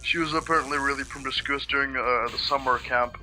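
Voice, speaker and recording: A man's voice: mid-range voice, fairly even intonation, brisk, sharp tone, faint music behind. A man chatting casually over a video game, rambling, swearing freely and often hunting for the right word. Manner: rambling, profane, searching for words. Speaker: let's play co-host. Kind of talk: casual chat over gameplay.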